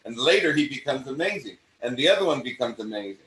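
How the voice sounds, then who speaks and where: An older man with a mid-Atlantic accent, an acting coach hosting a conversation and talking in an animated way that often restarts and repeats phrases. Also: medium pitch, quick pace. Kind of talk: casual conversation. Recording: roomy sound from a distant mic.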